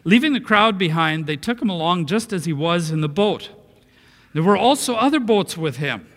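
A male pastor delivering a sermon with a high, bright voice that swings widely in pitch. He leans into phrases, then falls to a hush for quoted words. His voice rings out in a long, hall-like reverb. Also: animated, normal speed.

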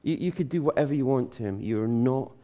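Male preacher, sermon, mid pitch, emphatic, animated, storytelling, restarts. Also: brisk.

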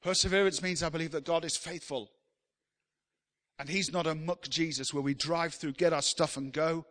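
A man's voice: on the high side, steady tone, normal speed. Impassioned male preacher in a reverberant hall. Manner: impassioned, rising to loud emphatic appeals. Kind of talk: sermon. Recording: long reverb of a large hall.

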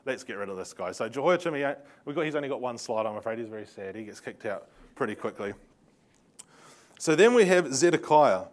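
A man teaching a Bible lesson with slides, telling the story in a lively way with laughing asides and sarcastic remarks. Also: medium pitch, brisk.

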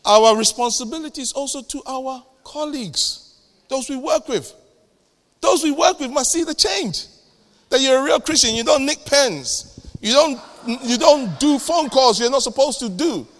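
A middle-aged man preaching a sermon in a church hall, animated and jokey, with sudden loud bursts and acted-out dialogues. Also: very high voice, moderate pace. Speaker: pastor. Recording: echoey church hall with long reverb.

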